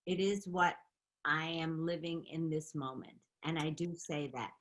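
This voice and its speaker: A middle-aged woman telling stories in a casual interview, animated and quick to laugh. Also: sits low. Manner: animated, laughing, chatty storytelling. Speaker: interview guest, makeup artist and beauty founder.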